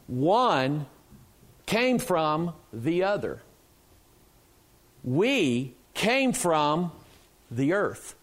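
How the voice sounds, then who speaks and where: Male preacher, high voice, emphatic question-and-answer sermon delivery. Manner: emphatic, asks the congregation questions. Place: church.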